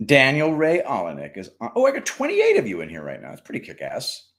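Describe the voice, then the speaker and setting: A man's voice: mid-range voice, wildly swooping pitch, brisk, a bit bright. A man hosting a casual livestream, chatting with viewers, greeting them by name and telling jokes. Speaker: livestream host.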